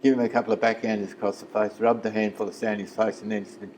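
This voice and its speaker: Man, 70s, Australian accent, low voice, rambling storyteller, faint background noise. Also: flat delivery, quick pace, a little mellow, poor audio. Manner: rambling yarn-teller who acts out quoted voices. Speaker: interview guest, former footballer. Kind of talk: casual storytelling interview.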